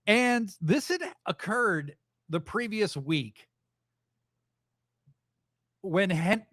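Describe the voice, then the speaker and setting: A man hosting a live wrestling podcast, recapping events in a rambling, excitable, profane way. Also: high-pitched, no echo, studio quality. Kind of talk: casual live show recap.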